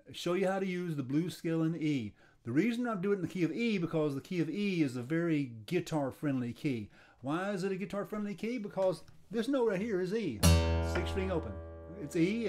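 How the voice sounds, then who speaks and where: An older man explains guitar playing in an easygoing, stop-and-start way. He doubles back on his words as he goes, and his voice sits a little high for a man. A guitar plays faintly behind him. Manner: relaxed, halting, repeats words as he restarts. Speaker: guitar teacher. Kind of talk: casual spoken guitar lesson.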